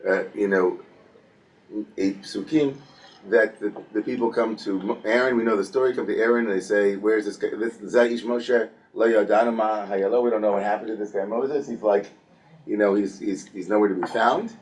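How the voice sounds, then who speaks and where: A man leads a relaxed Torah study session and tells the story with energy, playfully taking on the characters' voices. His voice comes from some distance away from the mic. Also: fairly low pitch, moderate pace. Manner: lively storytelling, playfully acts out biblical characters, frequent restarts. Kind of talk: casual Torah study class.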